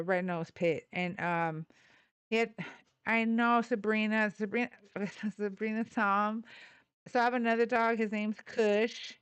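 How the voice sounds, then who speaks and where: A woman's voice: medium pitch, clear, resonant tone, dry recording. A woman hosting a livestream in casual chat, rambling and laughing often, swearing casually and cooing baby talk at her dogs. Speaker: livestream host.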